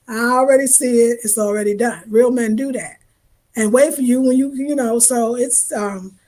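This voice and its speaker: Woman, vlogger, rambling emphatic talk, slightly high voice. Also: moderate pace, a little mellow. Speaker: travel vlogger. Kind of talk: casual spiritual talk to viewers.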